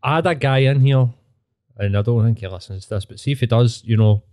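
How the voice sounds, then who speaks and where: A man's voice: mid-range voice, a little fast, mellow. A man with a Glaswegian Scottish accent, hosting a podcast in casual, sweary, mocking chat. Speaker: podcast host.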